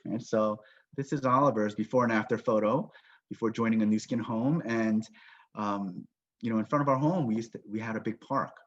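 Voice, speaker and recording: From his home in Las Vegas, a man gives a motivational business training talk over a video call, telling a story and acting out what people said. His voice is fairly low and brisk, and the call audio is dull and lo-fi.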